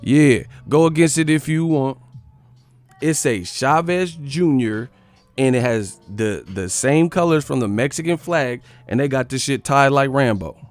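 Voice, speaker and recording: A man hosting a boxing live stream, ranting in a profane, animated way and sometimes mocking others in put-on voices. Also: mid-range voice, unhurried, faint music behind. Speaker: boxing channel host.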